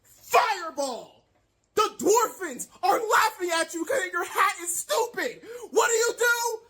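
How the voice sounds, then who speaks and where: A woman's voice: very high voice, lively intonation, a little slow, fairly bright tone, voice pushed up, full character voice. A woman voicing a pompous, greedy male half-elf archmage giving a comic campaign speech in a tabletop game. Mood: salesy. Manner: boastful, theatrical, stammers when worked up.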